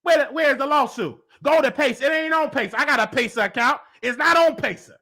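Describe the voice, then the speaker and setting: A man's voice: very high-pitched, brisk. A man hosting his own show, delivering a heated, emphatic rant and acting out the quotes he repeats. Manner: animated, emphatic, repetitive, with acted-out quotes. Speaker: host. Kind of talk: heated live-stream rant.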